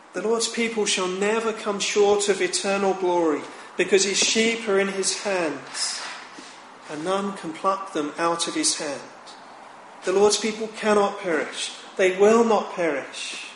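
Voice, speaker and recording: Slow, high-pitched male preacher. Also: a bit bright. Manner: slow, measured, solemn delivery with emphatic rises. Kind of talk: sermon. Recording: echoey room with faint ambient noise.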